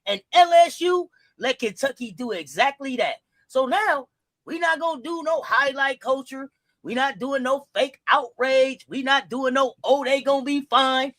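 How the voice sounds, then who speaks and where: A woman hosting a sports talk show in a high, sharp voice. She argues emphatically, stacking repeated phrases into a rhetorical buildup. The recording is dry and close. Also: no room sound. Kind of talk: sports commentary podcast.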